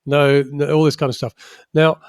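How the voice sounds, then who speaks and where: A man's voice: a little high, level tone, normal speed, a little mellow, smooth, no room sound. Chatty man, dry close mic. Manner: chatty, laughs mid-sentence. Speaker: podcast co-host. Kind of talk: casual football podcast chat.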